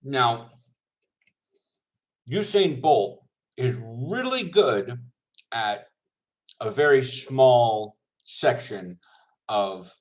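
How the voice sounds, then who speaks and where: A man in a loose, casual chat to his viewers, rambling from point to point and breaking into laughs. He talks with his mouth full, so his words are a little thick. His voice sits at a mid pitch. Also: lively intonation, extremely slow, pauses often, rough recording. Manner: rambling, laughs often, self-correcting. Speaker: semi-pro football linebacker vlogger.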